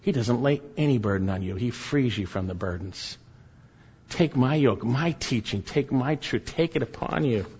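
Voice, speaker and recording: A man preaching a sermon, emphatic, repeating key phrases and swinging between loud and soft delivery. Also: mid-range voice, expressive, normal speed, slightly rough. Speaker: pastor. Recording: dull sound with long hall reverb.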